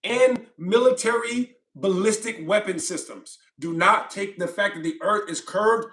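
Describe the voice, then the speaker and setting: During a live stream, a man with a fairly high voice reads chat comments aloud at an unhurried pace, mocking them combatively and breaking into loud outbursts.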